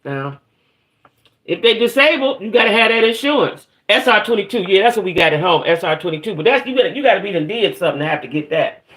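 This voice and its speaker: A woman's voice: mid-range voice, animated, fast, fairly bright tone. A middle-aged woman hosting a casual livestream. She vents about her day in a profane, aggravated way and greets chat viewers by name as she goes. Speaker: livestream host.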